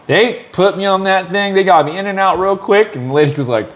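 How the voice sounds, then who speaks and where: A man talking casually on a podcast, his voice sitting a little high for a man. He tells his story with heavy profanity and acts out the other people in it. His pitch jumps widely between quiet, low asides and loud, high peaks. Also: moderate pace. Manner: profane, animated storytelling with acted quotes. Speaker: podcast host. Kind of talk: casual chat.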